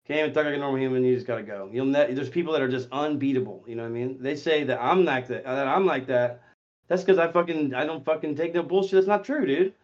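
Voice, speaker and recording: A man hosting a voice chat stream, talking in a profane, confrontational way that swings between muttering and shouting. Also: mid-range voice, quick pace, highs cut off. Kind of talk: heated casual voice chat.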